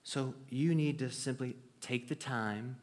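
A man's voice: mid-range voice, a little slow, darkish tone. A man in his thirties preaching a sermon to a congregation, earnest and conversational, with frequent restarts. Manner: earnest, storytelling with acted quotes, conversational restarts. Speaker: pastor.

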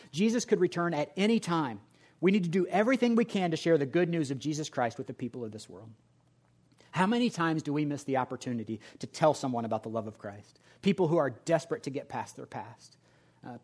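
A man's voice: medium pitch, darkish tone. A man preaching a sermon to a congregation, earnest and pleading, building long rhythmic lists. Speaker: pastor. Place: church service before a congregation.

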